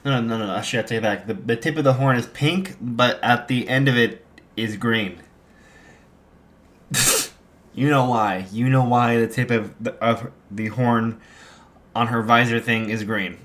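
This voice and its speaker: Male storyteller, unhurried, rambling, filler-heavy improv narration. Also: medium pitch, fairly bright tone. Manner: rambling, full of fillers and restarts. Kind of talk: improvised fan fiction narration.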